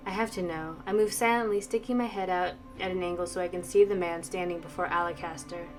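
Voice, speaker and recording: A woman streamer reading a visual novel aloud, brisk narration with playful asides. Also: lowish voice, fairly even intonation. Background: faint game music.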